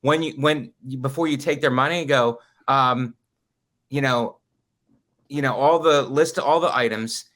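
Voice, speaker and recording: A man's voice: mid-range voice, a little slow, fairly bright tone. A man co-hosting a comedy podcast, riffing with wry jokes and puns. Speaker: podcast co-host. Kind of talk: casual chat.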